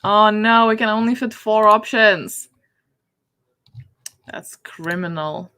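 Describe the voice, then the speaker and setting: A woman's voice: mid-range voice, takes it slowly, pushed and bright, clean tone. A woman chatting casually on a livestream, giggling often as she talks. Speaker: book streamer.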